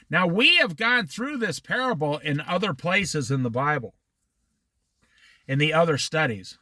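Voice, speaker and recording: A man's voice: fairly high pitch, very animated, a little slow, pushed and bright, no room sound, clean studio sound. A man from Iowa leading a casual Bible study outdoors by the ocean at dusk, talking in a folksy, rambling way and wandering into side stories.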